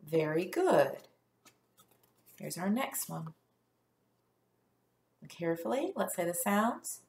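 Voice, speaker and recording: A woman teacher leading a first grade phonics lesson, sounding out letters slowly and praising the class. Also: lowish voice, big pitch swings, vocal fry, a little mellow, a little hiss or hum. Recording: echoey room.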